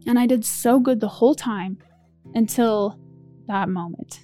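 A woman's voice: a little high, a little slow, mellow, soft background music. A young woman in an interview, emotionally recalling a phone call with her father. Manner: emotional first-person recollection. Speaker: interviewee recounting events.

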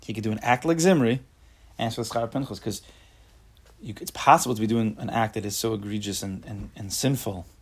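A man's voice: fairly low pitch, brisk, breathy edge. A man giving a casual Torah class, reading a text and explaining it, acting out angry everyday voices and asking the class questions. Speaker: Torah teacher.

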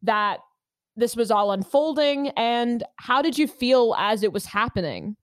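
A woman's voice: a little high, expressive, a little slow, no echo, clean studio sound. An American woman hosting a casual podcast chat, reflective and questioning, thinking aloud with many likes. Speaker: podcast host.

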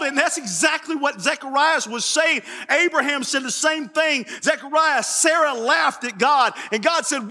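A pastor preaches with a very high, bright, forceful voice. He tells stories animatedly, doubles back on his phrases and shouts out key lines. His voice rings through a church sanctuary with a long reverb tail. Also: normal speed, few pauses. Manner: animated storytelling, repeats phrases, shouts for emphasis. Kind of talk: sermon.

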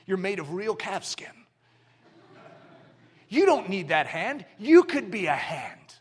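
A man putting on a quiet, coaxing tempter. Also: high-pitched, sing-song, takes it slowly, breathy edge, heavily acted. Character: sly tempter spirit, coaxing and smooth.

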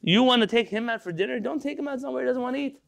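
A man's voice: very high voice, racing, gravelly, fairly bright tone. A man teaching a Torah class. He reads Hebrew lines, explains each one in English, and asks his listeners rhetorical questions.

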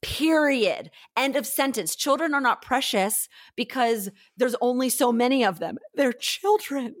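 A woman's voice: high voice, unhurried, dry recording. Woman, podcast guest, effusive and earnest, dry close mic. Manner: effusive and heartfelt, repeats phrases for emphasis. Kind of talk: casual spiritual conversation.

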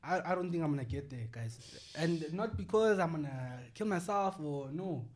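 A man's voice: a little high, lively intonation, normal speed, a little mellow. A man in his twenties, co-hosting a casual football podcast, joking and bantering with slang. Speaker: podcast co-host.

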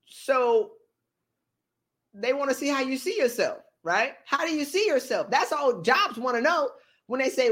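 A woman hosting a podcast, giving a motivational talk in an animated, playful, colloquial way. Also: sits high, unhurried. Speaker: podcast host.

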